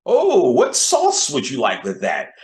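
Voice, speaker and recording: A man voicing an overeager fast-food worker in a high, sugary, sing-song customer-service voice. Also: wildly swooping pitch, reverberant, full character voice. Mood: fawning.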